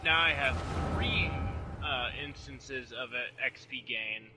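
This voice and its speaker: A man's voice: mid-range voice, slow, noisy background. A man chatting casually and joking dryly while playing a video game. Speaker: gamer. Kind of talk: casual gameplay chat.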